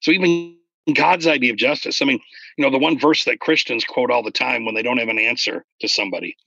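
A man in casual conversation about faith, explaining earnestly and getting animated when he retells stories. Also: mid-range voice, fast, creaky, no room sound, lo-fi sound.

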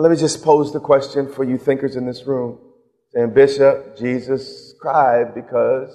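A middle-aged man preaching a sermon with passion, moving from loud outbursts to hushed, slow moments. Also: medium pitch. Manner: impassioned, swings from loud to hushed. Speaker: pastor. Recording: long reverb of a large hall.

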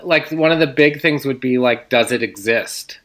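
A man's voice: medium pitch, moderate pace, fairly bright tone. A man co-hosting a casual chat, easygoing and wry, sometimes slipping into put-on voices.

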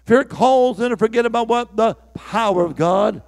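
A man preaching a sermon as pastor, calling out to the congregation, swinging from shouts to hushed whispers. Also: extremely high pitch, normal speed.

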